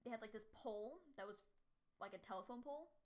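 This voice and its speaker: A young woman co-hosting a podcast chats casually in a high voice, talking fast. She tells stories with lots of animation, drops in plenty of "like" fillers, and pitches her voice up high when quoting people.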